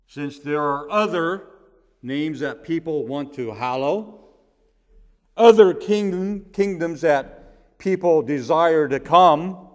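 A man preaching a sermon as pastor, measured and emphatic, leaning hard on repeated words. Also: a little high, long reverb tail. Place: church sanctuary.

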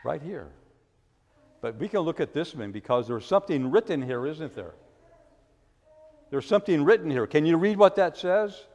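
Middle-aged pastor, gentle question-and-answer children's sermon, a touch high-pitched, church reverb. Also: male voice, animated, moderate pace, pauses often.

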